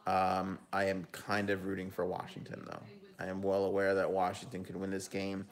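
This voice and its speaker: A man's voice: deep voice, monotone, moderate pace. A man hosting a live hockey talk stream, chatting casually, giving his picks and reading viewer comments aloud. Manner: casual, chatty, with frequent ums and self-corrections. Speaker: hockey talk show host and analyst.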